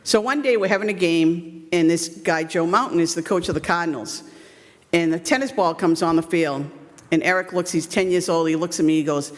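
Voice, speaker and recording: A woman's voice: fairly low pitch, fairly quick. A woman in her fifties tells baseball stories from a podium, chatty and self-deprecating, with plenty of ums and restarts. Her voice carries a long reverb from a big hall. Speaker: youth baseball coach giving a speech. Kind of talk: storytelling speech at an event.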